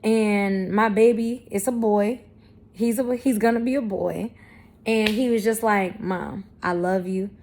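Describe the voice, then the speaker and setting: A woman's voice: fairly high pitch, a little slow, darkish tone. A woman in her thirties talking candidly to camera, blunt and profane, with emphatic, self-affirming spiritual talk. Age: 30s. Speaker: vlogger.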